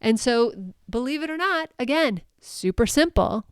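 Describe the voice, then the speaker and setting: A woman's voice: a little high, expressive, a little slow, clean tone, no room sound, clean studio sound. A woman coaching dog sport handlers on her podcast, chatty and upbeat, with many fillers and frequent laughter. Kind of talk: solo coaching podcast talk.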